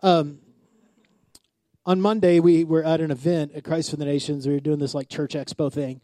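A male pastor, around his forties, preaches in a lively storytelling way, voicing the people in his anecdotes and calling on the congregation to answer back. His voice sits high for a man. The sound is dry, with almost no room echo. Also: normal speed. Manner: storytelling with acted-out quotes, call-and-response. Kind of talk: sermon.

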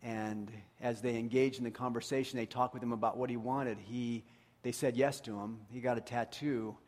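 A man preaching a sermon as pastor to his congregation. He speaks earnestly and often drops to a hushed voice for emphasis. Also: medium pitch, fairly even intonation, normal speed.

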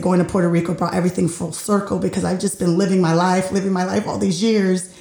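A woman's voice: lowish voice, vocal fry, a little mellow, reverberant. A woman hosting her own show, musing thoughtfully and a little hesitantly in a casual monologue. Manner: thoughtful, hesitant, with many fillers and restarts. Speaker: podcast host.

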